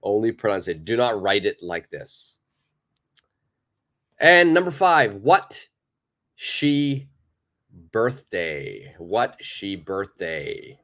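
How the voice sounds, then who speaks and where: A man's voice: fairly low pitch, very animated, takes it slowly, pauses often, a bit bright. A man teaching a live online English lesson, patiently repeating and praising viewers' answers.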